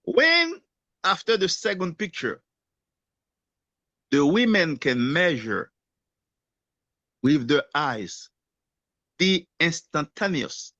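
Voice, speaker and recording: A man giving a rousing motivational sales pitch in non-native English, firing off rhetorical questions and answering them himself. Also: sharp tone, no room sound. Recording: dull lo-fi sound.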